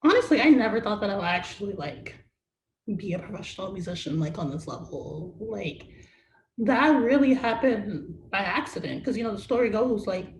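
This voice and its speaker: A woman's voice: medium pitch, animated, moderate pace. A young adult woman, a musician guest in a casual interview, rambling with constant "like" fillers. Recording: roomy echo with faint noise.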